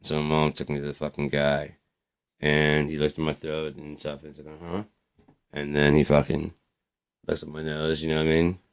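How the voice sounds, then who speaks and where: A man's voice: rumbling low, monotone, normal speed, smooth. A man casually telling a rambling, profane story to his own channel, with lots of restarts. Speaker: vlogger.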